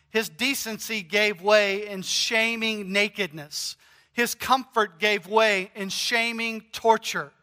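A man's voice: sits high, bright, forceful tone, long reverb tail. A male pastor preaching a sermon in an earnest, emphatic way, repeating key phrases.

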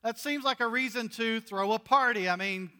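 A man's voice: very high-pitched, normal speed, bright, forceful tone, smooth, in a large hall. A man preaching a conversational sermon, reading scripture aloud and joking with the congregation. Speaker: pastor.

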